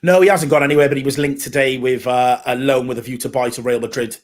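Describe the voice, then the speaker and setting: A man's voice: mid-range voice, fairly even intonation, fast. A man from Cardiff, co-hosting a casual football watchalong, easygoing and laughing along. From Wales, Cardiff. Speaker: co-host.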